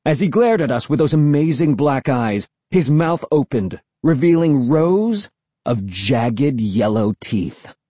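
Husky man reading a suspense story. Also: medium pitch, slow, dry recording. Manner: expressive, hushed for suspense, raised for shouts. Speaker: audiobook narrator. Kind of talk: scripted first-person story reading.

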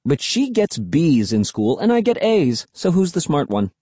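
Animated man narrating a storybook. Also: fairly high pitch, normal speed, dry recording. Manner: expressive, animated. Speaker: audiobook narrator. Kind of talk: scripted first-person narration.

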